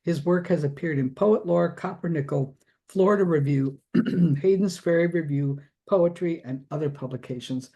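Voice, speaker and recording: A woman hosting a poetry reading, introducing the guest with an even, formal list of his credits over a video call. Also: low voice, moderate pace, dull audio. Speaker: host and poetry editor.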